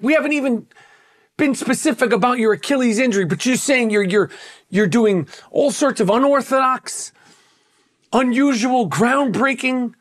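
A man's voice: very high-pitched, a bit bright. Brash profane New York man ranting. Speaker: podcast host. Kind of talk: ranting podcast monologue.

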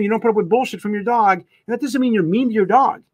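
A man who trains dogs, answering live chat questions bluntly, swearing freely and mocking soft owners in a sing-song voice. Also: extremely high pitch, fast talker. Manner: blunt, profane, animated, mocks in a sing-song voice. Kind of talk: casual live Q&A.

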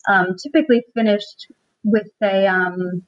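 A woman's voice: medium pitch, a little slow. Chatty woman with a slightly dull sound. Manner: chatty, laughs often, many "um"s and restarts. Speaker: furniture refinisher, contest winner. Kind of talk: casual interview chat.

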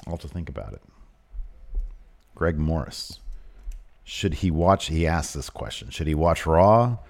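A man's voice: rumbling low, expressive, measured pace, darkish tone. A man from the American South co-hosting a wrestling podcast in casual chat. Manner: reads previews in a hammy announcer voice. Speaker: podcast co-host.

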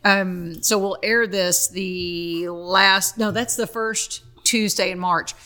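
A woman's voice: medium pitch, steady tone, sharp tone. A woman hosting a podcast, chatting casually with a guest in front of a small audience at home. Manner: chatty, quick asides, laughs easily. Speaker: podcast host. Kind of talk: casual chat and read sponsor spot.

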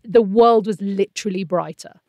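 A woman's voice: mid-range voice, normal speed, no room sound, dull audio. A woman in her thirties, a guest telling a painful personal story in an earnest, emotional way. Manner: earnest, emotional, animated quoting of others.

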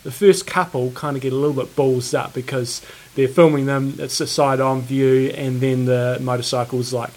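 A man co-hosting a podcast in a relaxed, rambling chat full of fillers. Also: medium pitch, moderate pace, hardly any pauses. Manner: laid-back, rambling with fillers. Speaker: podcast co-host. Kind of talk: casual chat.

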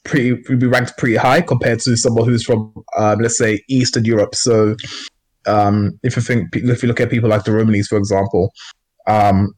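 A man's voice: on the low side, little pitch movement, moderate pace, darkish tone. A man co-hosting a casual podcast discussion, talking in a rambling way with many fillers and restarts. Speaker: podcast co-host.

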